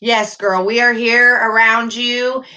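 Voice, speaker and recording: Bright-voiced woman hosting a livestream. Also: on the high side, flat delivery, slow. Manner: warm, reassuring, reads chat aloud. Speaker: livestream host. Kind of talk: casual live chat.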